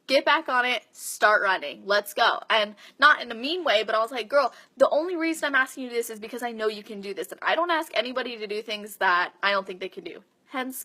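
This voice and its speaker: Bright-voiced chatty young woman. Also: medium pitch. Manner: chatty, animated retelling with quoted dialogue. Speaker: personal trainer. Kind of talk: casual storytelling to camera.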